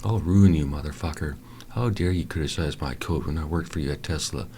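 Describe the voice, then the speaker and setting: A man acting out an angry male hacker who curses and yells at his computer screen. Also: very deep voice, brisk. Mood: furious. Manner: cursing, yelling at a screen.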